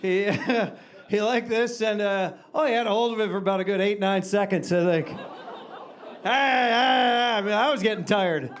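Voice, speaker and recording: A man's voice: high-pitched, fairly even intonation, brisk, a faint crowd, slight background noise. A male comedian telling a rambling stand-up bit, chuckling and filling gaps with "uh". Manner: rambling, chuckling, lots of fillers.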